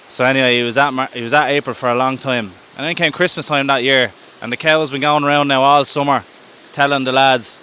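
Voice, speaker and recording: An Irish podcast host telling a story casually while walking outdoors in the woods, filming himself and often correcting himself. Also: male voice, mid-range voice, steady tone, fairly quick, bright, forceful tone, a little hiss or hum. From Ireland. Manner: chatty, rambling, self-correcting. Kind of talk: casual storytelling on a woodland walk. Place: outdoor woodland walk. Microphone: self-held camera while walking.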